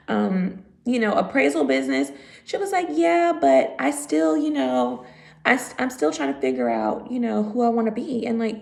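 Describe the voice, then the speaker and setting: A woman's voice: mid-range voice, creaky. A woman in her thirties with an American accent, chatting casually and at length on a live stream, with many fillers. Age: 30s.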